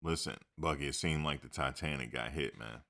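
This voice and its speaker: A man's voice: rumbling low, fairly quick, creaky, bright, forceful tone. A man hosting a sports talk show, rambling casually with slang and joking asides.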